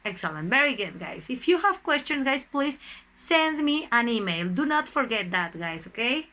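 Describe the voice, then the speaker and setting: A woman teaching an English lesson to students, speaking slowly and stressing single words as she explains. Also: fairly high pitch, big pitch swings, pushed and bright. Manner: keeps addressing the class as "guys". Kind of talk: recorded online English lesson.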